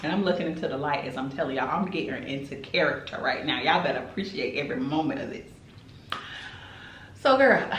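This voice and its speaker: A woman's voice: deep voice, reverberant, slight background noise, low-quality recording. A woman tells a dramatic story in casual chat while eating on camera. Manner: animated, chatty, dramatic retelling. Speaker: mukbang host.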